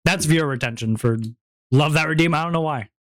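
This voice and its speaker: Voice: medium pitch, a little fast, no room sound, studio quality. A streamer in casual stream chat, playful and rambling, with frequent giggles, talking into a home streaming mic.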